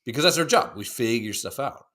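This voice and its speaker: A man in his thirties co-hosting a podcast at a middle pitch. He rambles and swears freely, restarting his sentences often. He acts out the people he talks about in put-on voices. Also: lively intonation, fairly quick, fairly bright tone. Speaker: podcast co-host. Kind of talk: casual chat.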